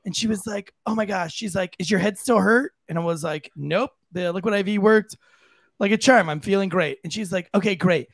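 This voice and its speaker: A man co-hosting a podcast, telling a story in a casual, animated way and jumping into high voices for the people he quotes. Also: fairly quick, dry recording. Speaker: podcast co-host.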